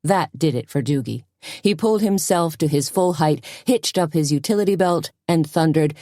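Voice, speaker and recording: Brief: female audiobook narrator, low mellow voice, dry close sound, measured reading. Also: dry recording. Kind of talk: scripted mystery narration.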